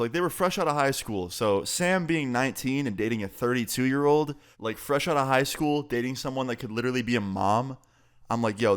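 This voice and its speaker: A young man in his twenties telling a storytime vlog in a casual, profane, animated way. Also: medium pitch, clean tone.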